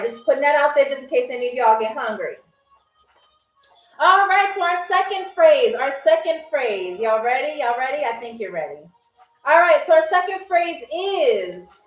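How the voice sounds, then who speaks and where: High-voiced chatty woman hosting a game. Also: roomy sound, recorded from a distance, low-quality recording. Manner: chatty, teasing, laughs often. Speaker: game show host. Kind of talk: playful livestream hosting.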